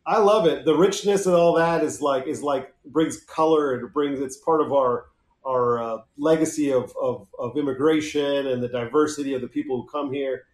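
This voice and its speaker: A man's voice: medium pitch, moderate pace. A man from California in casual chat, enthusiastic and playful. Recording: echoey room.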